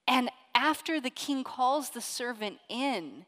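A woman preacher giving a sermon, telling a story earnestly, swinging between loud emphasis and quiet asides. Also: sits high, lively intonation, slow, long reverb tail.

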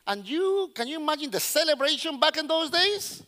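Man preaching, very high voice, bright tone, long hall reverb, english. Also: a little fast. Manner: animated storyteller who acts out characters; non-native English with slips. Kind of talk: sermon.

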